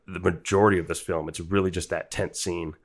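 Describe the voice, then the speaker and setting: A man's voice: deep voice, level tone, fairly quick. A man co-hosting a podcast, talking through a film in a casual, analytical way, rambling with fillers and restarts. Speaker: podcast co-host.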